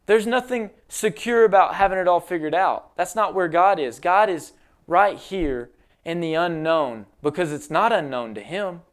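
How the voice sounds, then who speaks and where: A man's voice: high-pitched, moderate pace, clean tone. A young man preaching a sermon in an earnest, conversational way, acting out quotes as he goes. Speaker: pastor. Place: church, livestreamed.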